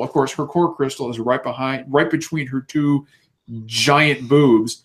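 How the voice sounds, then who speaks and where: Animated swearing man ranting. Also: on the high side, normal speed. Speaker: podcast co-host. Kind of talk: casual chat.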